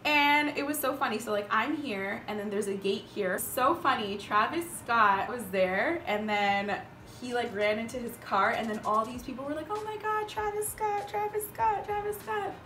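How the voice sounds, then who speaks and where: A woman in her twenties, a beauty vlogger chatting casually while doing her makeup, telling stories in an animated way with lots of fillers. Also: a little high, moderate pace, few pauses, slight background noise. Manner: animated storytelling, filler-heavy. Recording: roomy echo with background music.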